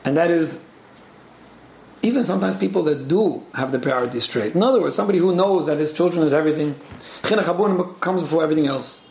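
A man teaching a casual Torah lesson as a rabbi, talking quickly with frequent restarts and many Hebrew and Yiddish terms. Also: fairly high pitch, gravelly, darkish tone. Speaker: rabbi teaching a weekly class. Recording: echoey room with faint background noise.

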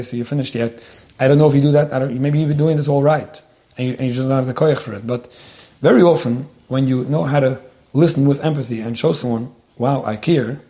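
Man, counselor, quick delivery, gravelly, slightly high voice, earnest advice talk. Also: warm tone.

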